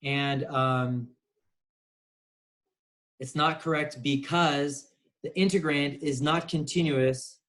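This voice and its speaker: A man's voice: on the high side, steady tone, takes it slowly, long pauses, a bit bright, rough recording. Casual male math teacher. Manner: casual, explanatory, with many fillers. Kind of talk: recorded lesson.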